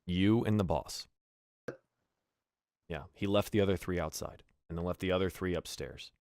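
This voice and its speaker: Low, gravelly-voiced man running a game. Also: a little mellow, no room sound, clean studio sound. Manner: descriptive, halting with fillers. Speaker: dungeon master. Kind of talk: narrating a tabletop game.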